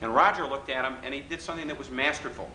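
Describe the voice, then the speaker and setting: A middle-aged man giving a live workshop lecture in a hotel function room, an animated, wisecracking storyteller who mimics the people in his stories. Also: medium pitch, racing. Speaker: workshop speaker. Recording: roomy hall recording with faint background noise.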